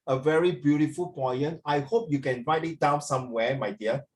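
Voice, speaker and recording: Male teacher, Singaporean accent, slightly high voice, lively and coaxing in class. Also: normal speed. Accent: Singaporean English. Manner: animated, mixes English and Mandarin, coaxing and emotional.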